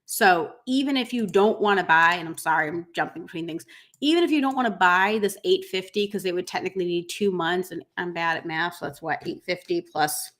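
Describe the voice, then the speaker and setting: A woman's voice: fairly low pitch, fairly quick, fairly bright tone. A middle-aged woman business coach talking live to her viewers, rambling with many fillers, emotional and close to tears. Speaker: business coach for pet groomers. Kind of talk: live-streamed coaching talk.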